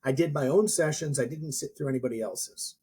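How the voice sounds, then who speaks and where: Brief: mortgage pro on a podcast, high but mellow voice, rambling anecdotes with restarts. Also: male voice, brisk, slightly rough. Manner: rambling storyteller with many restarts. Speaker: mortgage professional and educator. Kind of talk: casual podcast chat.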